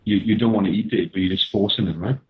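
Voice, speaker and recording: Brief: male trainer guest, measured and hesitant, thin lo-fi line. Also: on the low side. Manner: measured, explains with hesitant restarts. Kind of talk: casual podcast chat. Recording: husky voice over a tinny phone-like line.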